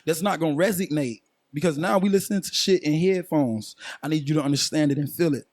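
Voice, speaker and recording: A man's voice: fairly high pitch, fast, a little mellow, no room sound, studio quality. A man in his twenties, a guest musician, talking casually and at length with slang and frequent check-ins like "you feel me" on a podcast. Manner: laid-back slang-heavy storytelling, frequent "you feel me".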